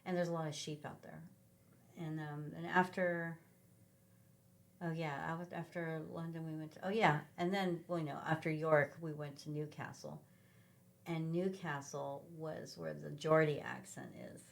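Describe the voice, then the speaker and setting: A middle-aged woman from Sacramento, a podcast guest, telling rambling, animated travel stories in a casual chat with lots of ums. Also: low-pitched, moderate pace, gravelly. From Sacramento, California. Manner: rambling, animated travel anecdotes with many fillers. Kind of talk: casual conversational storytelling.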